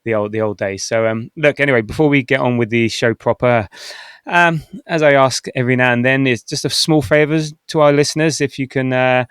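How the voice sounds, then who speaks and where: A man's voice: medium pitch, fairly quick, fairly bright tone, smooth, no room sound, clean studio sound. A middle-aged man hosting a casual football podcast, chatty and rambling, with frequent restarts and small laughs. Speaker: podcast host.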